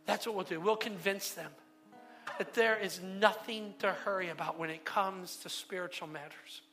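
A man's voice: high-pitched, moderate pace, pushed and bright, soft background music. A man voicing a scornful, commanding male devil who dismisses his demons' schemes. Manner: contemptuous, dismissive, emphatic.

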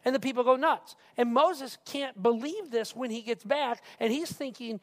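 A male pastor preaching a casual, animated sermon who keeps asking the crowd questions. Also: very high-pitched, brisk, few pauses. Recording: reverberant hall.

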